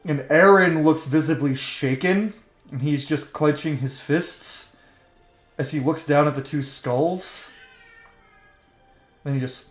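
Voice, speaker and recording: A man's voice: fairly high pitch, takes it slowly, long pauses, reverberant, faint music behind. A man narrating a tabletop game as game master, in a casual, easygoing way with frequent fillers. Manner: casual, filler-heavy storytelling.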